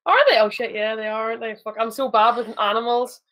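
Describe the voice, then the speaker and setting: A woman's voice: fairly high pitch, level tone, a little fast, a bit bright. Scatterbrained woman on a podcast. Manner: self-deprecating, giggly, scatterbrained, swears freely. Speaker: podcast co-host. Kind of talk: casual chat.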